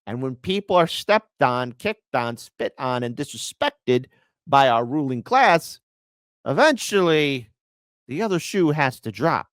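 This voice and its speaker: Male host, indignant political rant, lively swooping pitch, dry voice. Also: unhurried, dry recording. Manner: fiery, indignant ranting. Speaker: commentary host. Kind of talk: political commentary.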